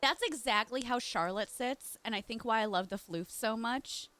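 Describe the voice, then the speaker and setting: Gushing bright-voiced young woman streamer. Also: fairly high pitch, moderate pace. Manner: gushing, chatty, talks straight to chat. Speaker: live streamer. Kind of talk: casual live-stream chat while gaming.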